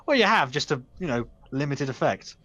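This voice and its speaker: A man's voice: a little high, very animated, a little fast, pushed and bright, highs cut off. A man running a tabletop game as game master, teasing players and narrating combat vividly.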